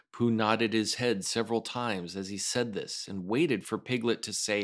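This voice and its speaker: A man reading a children's storybook aloud in an expressive, animated way, as the show's regular storyteller. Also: on the low side, normal speed, few pauses.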